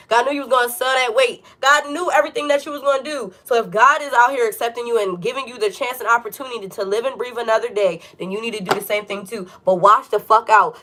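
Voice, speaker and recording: A woman's voice: fairly high pitch, a bit bright, a little hiss or hum. A young woman giving a tarot reading as a blunt, profane pep talk, preaching about self-acceptance. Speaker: tarot reader.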